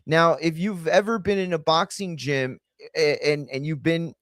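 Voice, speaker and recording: A man's voice: fairly high pitch, unhurried, no room sound, clean studio sound. A man casually commentating a boxing watch party on a live stream, loose and slangy, talking straight to his chat. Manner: loose, slangy, chatty, addresses chat directly.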